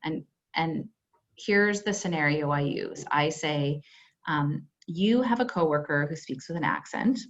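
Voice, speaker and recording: A woman workplace trainer talks through a webinar in a loose, conversational way, full of "you know" and little acted-out dialogues. Her voice sits on the low side. The call audio is dull and lo-fi. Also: lively intonation, unhurried. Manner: conversational, filler-heavy, acts out example dialogue. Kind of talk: webinar presentation. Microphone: video call.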